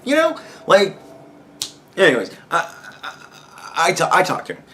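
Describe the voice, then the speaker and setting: A man's voice: high-pitched, huge pitch swings, unhurried, a little hiss or hum. Foul-mouthed young man ranting. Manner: heated, swearing, rising to shouts. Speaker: podcast host. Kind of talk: profane rant commentary.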